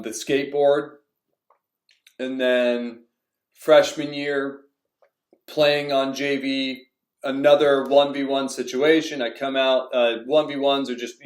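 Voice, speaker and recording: A young man telling personal stories in a rambling, casual way, full of fillers and restarts. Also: mid-range voice. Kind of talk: casual storytelling. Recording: echoey room.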